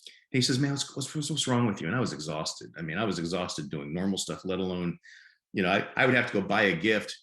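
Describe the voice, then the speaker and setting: A man in his fifties from Nebraska, a podcast guest telling his story in a halting way and often repeating words. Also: deep voice, sharp tone. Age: 50s. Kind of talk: conversational storytelling. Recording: roomy echo.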